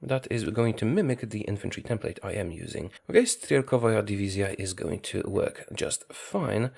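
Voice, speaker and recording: Gameplay commentator, male, animated delivery with a gravelly edge, matter-of-fact. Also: fairly low pitch, moderate pace. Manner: matter-of-fact, thinking aloud. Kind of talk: strategy game commentary.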